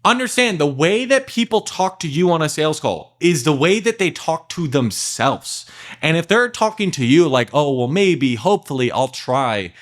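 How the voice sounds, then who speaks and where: A young adult man coaching salespeople to camera in a blunt, emphatic way, swearing casually and acting out what prospects say. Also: on the high side.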